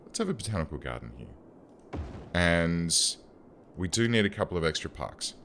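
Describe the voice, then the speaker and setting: Deep-voiced man chatting over gameplay. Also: sing-song, moderate pace, a bit bright, a little hiss or hum. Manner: rambling, self-deprecating, chatty asides. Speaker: gaming YouTuber. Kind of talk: casual gameplay commentary.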